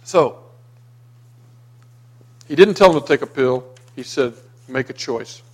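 A man preaching a sermon, dramatic, going from loud emphasis to hushed near-whispers and reading scripture aloud with acted voices. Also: mid-range voice, expressive, takes it slowly. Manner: reads scripture aloud and acts out the quoted voices.

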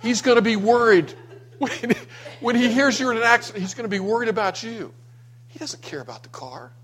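A man voicing his kind father as he calmly comforts a stranger. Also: extremely high pitch, fairly quick, breathy edge, pitched above the performer's own voice, heavily acted. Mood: reassuring.

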